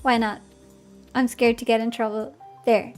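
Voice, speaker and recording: A woman's voice: a little high, little pitch movement, normal speed, darkish tone, soft background music, natural voice. A woman reading the lines of a defensive, sardonic young woman from a visual novel, in a blunt and self-mocking way.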